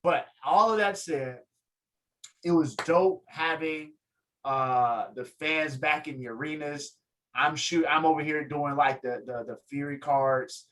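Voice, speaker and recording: Animated, higher-voiced man telling a story. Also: a little slow, poor audio. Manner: lively, acts out quotes, swings pitch up in excitement. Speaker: guest, photographer and fighter. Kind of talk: animated storytelling in casual interview.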